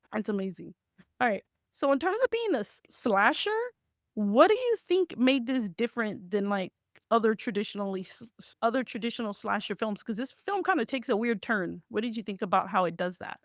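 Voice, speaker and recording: Animated woman podcast host, dry close sound. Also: medium pitch, dry recording. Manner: animated, laughs while talking. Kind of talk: casual podcast chat.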